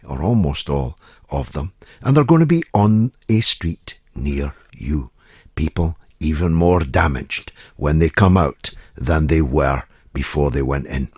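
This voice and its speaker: Deep-ish male radio host, dry studio sound, measured and emphatic. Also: husky, dry recording. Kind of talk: talk radio phone-in.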